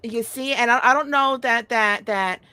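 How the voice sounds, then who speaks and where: A woman's voice: a little high, normal speed, bright, forceful tone, clean tone, dry recording. A middle-aged woman talking in a casual chat, telling stories bluntly and animatedly, with frequent swearing.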